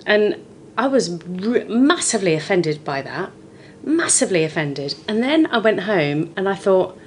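A woman's voice: medium pitch, a little slow, slight background noise. A woman in her forties from the United Kingdom, a guest talking frankly and expressively about her life in a podcast conversation. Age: 40s. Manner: frank, expressive storytelling with lively swings. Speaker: guest, comedian.

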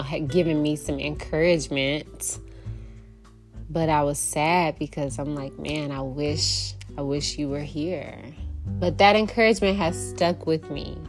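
A young woman with a notably low voice tells a personal story in a heartfelt, animated way, often breaking into laughter. Faint guitar music plays softly behind her. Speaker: podcast host.

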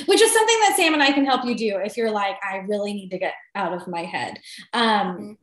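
A woman co-hosting a podcast, chatting casually in an animated, self-deprecating way. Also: mid-range voice, brisk. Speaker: podcast co-host. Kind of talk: casual chat. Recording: roomy echo.

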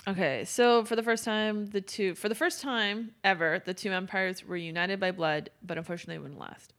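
A woman's voice: mid-range voice, fairly quick, a bit bright. A young woman casually retelling a stretch of history for a podcast, rambling, swearing and correcting herself as she goes. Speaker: podcast host telling history. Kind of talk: casual storytelling chat.

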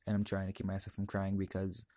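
A man's voice: low voice, completely flat delivery, fast talker, dark tone, no room sound. A teenage boy hosting his own podcast, telling a personal story in an earnest, emotional, confiding way. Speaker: podcast host.

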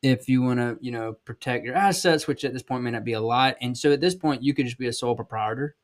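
A man's voice: mid-range voice, quick pace. A man in his thirties from South Georgia with a Southern accent, giving blunt, folksy advice in a casual podcast monologue. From South Georgia, USA. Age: 30s. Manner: blunt, folksy, emphatic, with many ums and restarts. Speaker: podcast host and sales trainer.

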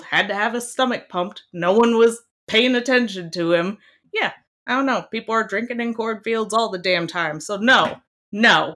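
A young woman from Iowa chatting casually as a guest, animated and emphatic, often laughing. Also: medium pitch. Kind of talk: casual chat.

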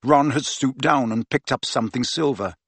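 A man narrating an audiobook in an expressive reading voice. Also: mid-range voice, normal speed, husky, no echo. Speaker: audiobook reader.

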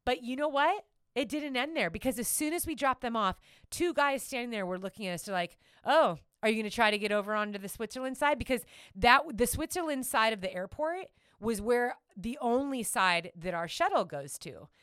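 A woman's voice: a little high, brisk, clean tone, dry recording, studio quality. A woman telling a travel story in casual chat, giggling and acting out quotes. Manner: animated, giggly, acts out quotes.

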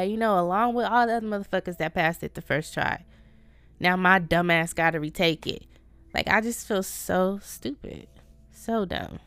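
A woman's voice: mid-range voice, a bit bright, smooth. A woman hosting her own podcast, venting in a casual, profane, self-deprecating way. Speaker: podcast host. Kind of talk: casual solo podcast monologue.

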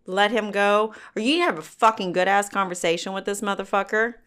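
A woman's voice: medium pitch, fairly quick, a bit bright, clean tone. A woman co-hosting a casual talk show, giving blunt, profane opinions over drinks. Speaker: podcast co-host. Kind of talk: casual chat while drinking.

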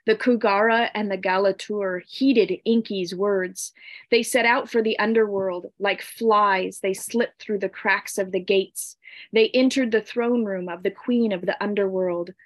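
A woman narrating an ancient myth in a deliberate, solemn storytelling style. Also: mid-range voice, steady tone, no echo.

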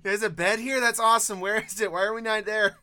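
A man's voice: high-pitched, fairly even intonation, fast, pushed and bright. A man improvising as an impatient pregnant woman in labor, whining and pleading to leave. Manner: whiny, pleading, keeps urging to leave. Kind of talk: improv comedy scene.

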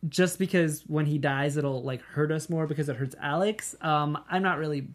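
A man on a TV after-show panel, chatting casually with plenty of ums and quick giggles. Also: fairly high pitch. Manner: hesitant, many ums, giggly. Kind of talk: casual chat.

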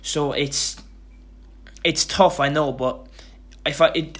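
A man's voice: fairly high pitch, steady tone, slow pace, fairly bright tone. A tired young man hosting his own podcast, talking in a loose, rambling way with lots of restarts and casual swearing. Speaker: podcast host. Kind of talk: casual motivational monologue.

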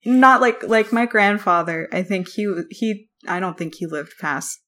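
A young adult woman co-hosts a casual podcast, telling stories with plenty of animation and frequent laughter. Her voice is medium-pitched and her delivery a little slow.

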